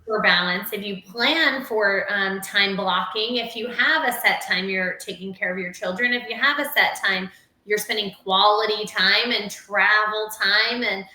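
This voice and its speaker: Woman, doctor guest, bright voice, chatty and rambling, echoey room. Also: medium pitch, a little slow. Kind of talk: casual live-stream chat.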